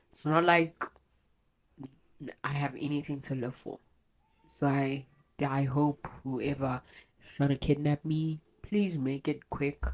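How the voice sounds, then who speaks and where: Young woman, podcast host, very low voice, blunt and confessional, swears freely. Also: mellow.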